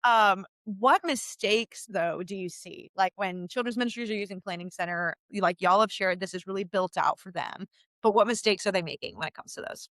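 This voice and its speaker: Chatty woman hosting a live interview, eager, mid pitch, dry close sound. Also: brisk, fairly bright tone, dry recording. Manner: chatty and enthusiastic. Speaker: host.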